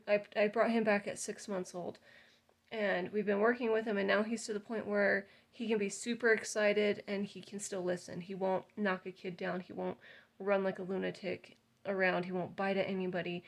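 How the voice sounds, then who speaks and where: An earnest woman in her thirties talks casually to her viewers, full of fillers and restarts. Her mid-pitched voice carries a gravelly fry. Now and then she breaks into loud acted exclamations. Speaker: dog breeder. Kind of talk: casual talk to camera.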